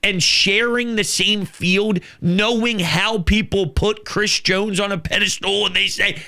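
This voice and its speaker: A man's voice: high-pitched, steady tone, measured pace, hardly any pauses, sharp tone. A man with a Philadelphia accent hosting a sports podcast, talking in a hyped, emphatic way. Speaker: podcast host. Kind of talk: excited sports talk.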